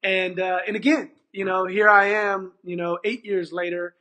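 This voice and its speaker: Animated high bright-voiced man telling a story. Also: normal speed. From California, USA. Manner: animated, acts out quoted dialogue, many restarts. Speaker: after-school program manager, guest. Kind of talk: storytelling in conversation.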